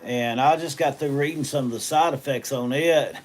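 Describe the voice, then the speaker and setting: A middle-aged Southern US man, a livestream host and auctioneer, rambles in folksy country talk while reading viewer comments on a phone livestream from a hospital treatment room. His mid-range voice moves at normal speed in casual chat.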